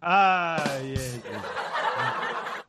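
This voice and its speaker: Giggly higher-voiced male podcaster. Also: expressive, very slow, noisy background. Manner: laughs often, loose and goofy. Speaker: podcast co-host. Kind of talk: casual banter, reading chat. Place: home room with a barn-style set. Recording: dry, slightly dull sound.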